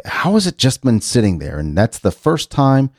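A man's voice: mid-range voice, wildly swooping pitch, normal speed, a little mellow, no room sound, clean studio sound. A middle-aged man hosting a casual chat show, musing aloud and rambling with frequent restarts as he reads out news items. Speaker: talk show host. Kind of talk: casual radio-style chat.

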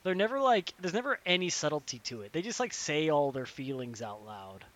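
A young man in casual podcast chat, ranting animatedly and swearing, acting out characters in quick impressions. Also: on the high side, big pitch swings, fairly bright tone.

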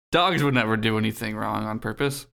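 A man's voice: on the low side, gravelly, pushed and bright. A man co-hosting a casual podcast, recapping a game playfully with swearing and lots of ums. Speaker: podcast co-host. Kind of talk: casual chat.

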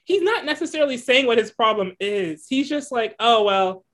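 A man's voice: extremely high pitch, animated, a little fast, a bit bright. A man co-hosting a podcast, chatting casually, rambling and hedging with many fillers as he talks things through. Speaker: podcast co-host. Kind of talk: casual recap chat.

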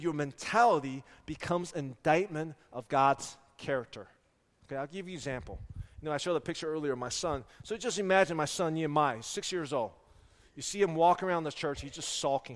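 High-voiced forty-year-old man preaching. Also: in a large hall. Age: 40s. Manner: animated preaching, rhetorical questions. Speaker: pastor. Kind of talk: sermon. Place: church sanctuary.

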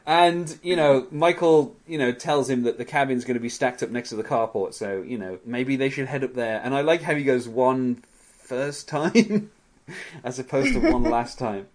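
A chatty male podcast host who walks through scenes of an episode in a loose, casual recap. He laughs often as he goes, and his voice sits at a middling pitch. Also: brisk.

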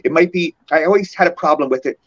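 A man in his sixties, a guest actor in a casual interview, telling animated stories and acting out the people he quotes. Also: fairly high pitch, quick pace. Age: 60s. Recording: muffled lo-fi audio.

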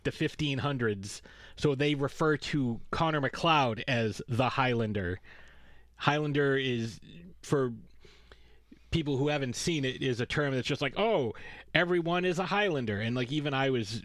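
A man's voice: medium pitch, measured pace, fairly bright tone, dry recording, studio quality. Rambling, sarcastic male podcast host. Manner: rambling, sarcastic, swears freely. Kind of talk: casual chat.

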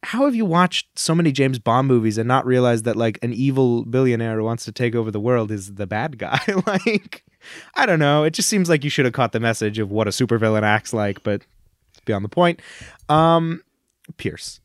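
Male co-host, chatty and eager, mid-pitched voice, dry close sound. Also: lively intonation, normal speed, no room sound. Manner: enthusiastic, rambling storyteller. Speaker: podcast co-host. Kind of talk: casual chat.

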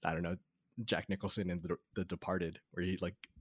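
Low-voiced man chatting casually about film. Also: level tone, brisk, husky, no room sound. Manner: rambling, many fillers and restarts. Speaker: podcast co-host.

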